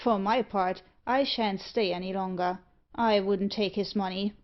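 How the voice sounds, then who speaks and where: A jittery, superstitious dog fancier, quick to fear the devil, as a woman narrator voices him. The reading sits at a medium pitch on a slightly muffled recording. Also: fairly even intonation, natural voice. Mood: uneasy. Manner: nervous, superstitious.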